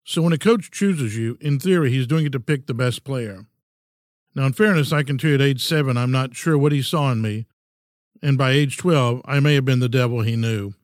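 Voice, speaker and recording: A man's voice: mid-range voice, moderate pace, no echo. Earnest older man, dry close mic. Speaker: podcast host. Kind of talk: reflective scripted monologue.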